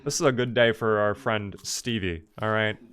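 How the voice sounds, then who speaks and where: A man's voice: on the low side, normal speed, a bit bright, smooth. A young man casually chatting through a live gameplay stream, reacting to the game and answering his chat.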